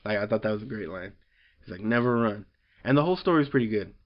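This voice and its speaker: A man's voice: fairly low pitch, lively intonation, rapid-fire, dull audio. A man casually recapping a story, rambling with lots of fillers and loosely quoting characters. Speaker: comic book reviewer.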